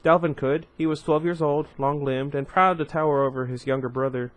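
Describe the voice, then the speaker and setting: A man's voice: a little high, fairly even intonation, a little fast, no room sound. A man with a slight lisp reading a novel aloud, with chatty asides between passages. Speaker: book reader.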